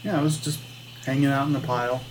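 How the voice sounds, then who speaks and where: A man taking part as a player in a tabletop game, describing his actions in a relaxed way. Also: medium pitch, quick pace, slight background noise, rough recording.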